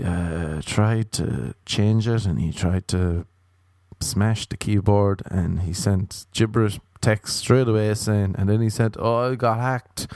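Dry-voiced deadpan male comedian. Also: fairly low pitch, no echo. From Ireland. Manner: deadpan, dry repetition, acted-out mocking quotes. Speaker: stand-up comedian. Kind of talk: stand-up comedy routine.

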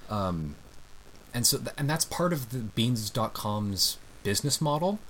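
A man's voice: mid-range voice, big pitch swings, measured pace, a bit bright, a little hiss or hum. A man co-hosting a podcast, explaining a story step by step in casual chat and often checking in with "right?". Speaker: podcast co-host.

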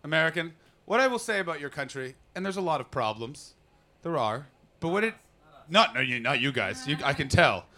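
A man works a comedy room with a high, ringing voice, chatting with the crowd between bits. He riffs loosely and jumps into loud, mocking impressions of the people in his stories. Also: sing-song, brisk. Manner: riffing, swinging into loud mocking voices for characters. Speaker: stand-up comedian. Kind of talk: improvised stand-up set with crowd work. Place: comedy club stage before a live audience.

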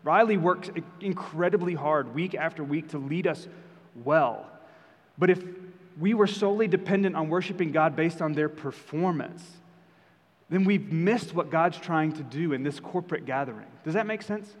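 A man's voice: a little high, moderate pace. A young adult man preaching a sermon as pastor, conversational with emphatic rises. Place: church sanctuary. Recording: long hall reverb.

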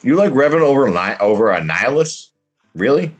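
A man co-hosting a podcast, chatting casually, knowledgeable and animated. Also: medium pitch, fairly quick, husky. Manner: knowledgeable, animated, detail-heavy. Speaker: podcast co-host. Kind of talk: casual chat.

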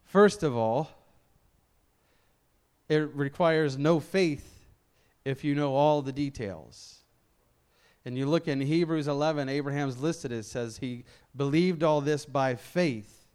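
A middle-aged man from Memphis gives a sermon in a loose, chatty way, often restarting his sentences and poking fun at himself. His voice is smooth and resonant and sits a little high for a man. He carries no regional accent. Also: slow, long pauses, darkish tone. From Memphis, Tennessee. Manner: conversational, self-deprecating, with frequent restarts. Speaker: lay preacher.

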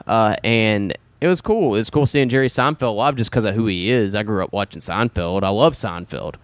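A man's voice: fairly low pitch, normal speed, clear, resonant tone, no room sound. A man hosting a casual chat podcast, talking in a rambling, profane way. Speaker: podcast host.

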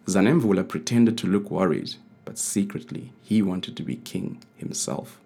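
A man, co-author of a children's book, reading his story aloud in a measured, gentle storytelling manner. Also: low voice, vocal fry, slightly rough.

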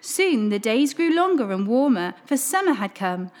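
A woman hosting a children's story show, reading a storybook aloud in an expressive, animated way. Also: on the high side, normal speed. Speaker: children's story reader, host.

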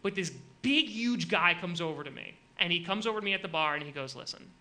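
A man hosting a comedy podcast, telling animated stories in casual chat with many filler likes. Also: sits high, fast. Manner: animated storytelling, frequent likes.

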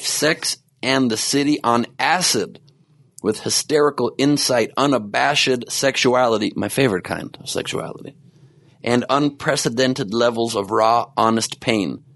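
A man's voice: mid-range voice, measured pace, vocal fry, fairly bright tone. A man hosting a podcast in casual, rambling chat, joking at his own expense and sleep-deprived. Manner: rambling, self-mocking, jokey asides. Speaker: podcast host.

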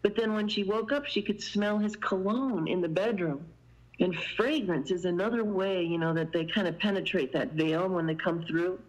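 A woman's voice: fairly low pitch, moderate pace, muffled recording. A woman guest telling a long story in casual conversation, meandering and sprinkling in fillers. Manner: meandering, many "you know" fillers.

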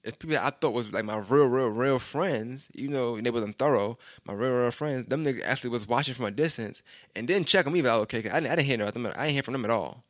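A man's voice: mid-range voice, fast, a bit bright, no room sound, clean studio sound. A young man, telling a rambling street story in casual slang with frequent restarts. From Brooklyn, New York.

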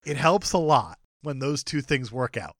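A man co-hosting a podcast, riffing playfully on a movie with quick laughs. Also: medium pitch, very animated, a bit bright, no echo, studio quality. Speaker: podcast co-host. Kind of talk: casual chat recapping a movie.

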